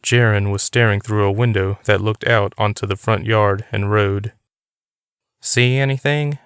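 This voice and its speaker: A man narrating an audiobook in a steady, even reading. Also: lowish voice, normal speed, smooth, no echo, studio quality. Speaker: audiobook reader.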